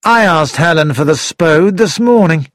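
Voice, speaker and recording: A man's voice: fairly high pitch, animated, unhurried, a bit bright, no room sound, studio quality. A man voicing a teasing young man who mocks his relatives in a read-aloud story.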